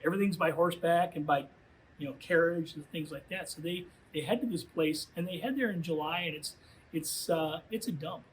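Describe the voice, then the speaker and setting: Man, youth minister, storytelling talk for students, conversational with fillers, slightly high pitch. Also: brisk, a little hiss or hum, low-quality recording. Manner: conversational, full of "you know" fillers.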